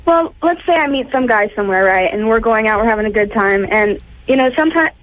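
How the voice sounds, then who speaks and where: Nineteen-year-old female caller, fast and nervous, heard over a muffled phone line. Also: on the high side, lively intonation, fairly bright tone, no echo. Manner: nervous, rambling. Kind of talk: phone-in call.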